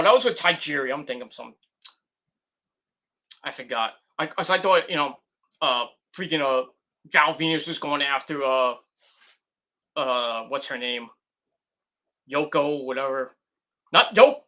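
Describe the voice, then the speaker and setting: A man's voice: fairly high pitch, expressive, moderate pace, pauses often, sharp tone. A man reviewing a wrestling show in a loose, rambling way, giggling and restarting his sentences. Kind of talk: rambling casual commentary.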